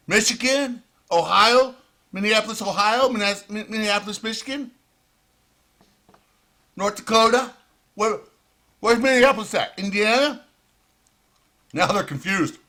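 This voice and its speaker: Man ranting, high forceful voice. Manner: profane and heated, sarcastic outbursts. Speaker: vlogger. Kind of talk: ranting commentary.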